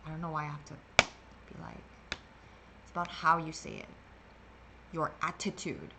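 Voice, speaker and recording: A woman's voice: low-pitched, level tone, moderate pace, pauses often, heavy background noise. A woman hosting a meditation livestream, talking casually and sassily through a card reading, rambling with playful filler sounds.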